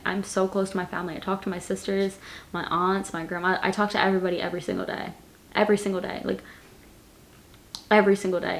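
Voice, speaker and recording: Her voice is mid-range and gravelly: a vlogger in her late twenties doing a casual Q&A. Facing the camera, she answers viewers while rambling, repeating words and saying "like" often.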